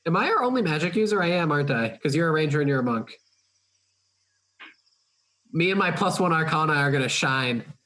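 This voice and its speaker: Quick, stammering man player. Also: a little high, expressive, sharp tone. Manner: hesitant, stammering restarts. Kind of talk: casual tabletop game play.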